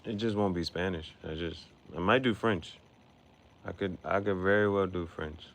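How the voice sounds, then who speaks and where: A man's voice: deep voice, normal speed, fairly bright tone. A man hosting his own show, talking in a casual, rambling monologue that repeats itself and drops in foreign words. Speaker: podcast host.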